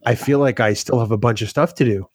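Man, podcast co-host, casual chat, sardonic, mid pitch, dry close sound. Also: fast talker, slightly rough, no echo.

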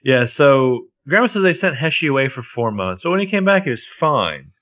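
A man co-hosting a recap podcast, walking through the plot with sarcastic jabs. His pitch moves a lot, giving the talk a lively, sing-song lift. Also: normal speed. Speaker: podcast co-host. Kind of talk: casual recap chat.

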